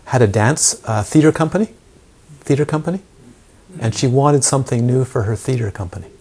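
A man's voice: mid-range voice, fairly quick, warm tone, breathy edge. A man teaching meditation to a group, asking his listeners repeated rhetorical questions and repeating words for emphasis. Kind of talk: dharma talk to a group.

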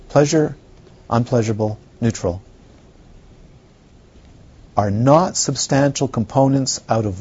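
A man's voice: mid-range voice, breathy edge, lo-fi sound. A man, a Buddhist teacher, giving a dharma talk to students, asking many rhetorical questions and acting out how people react. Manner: animated, rhetorical questions, acts out others' reactions.

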